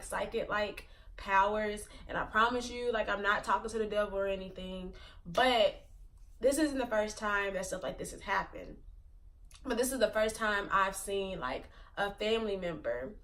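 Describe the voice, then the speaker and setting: Far from the mic, a woman in her twenties with a slightly bright, medium-pitched voice speaks at a moderate pace. She's a vlogger casually recounting a personal story to her channel, rambling and leaning heavily on "like" as a filler.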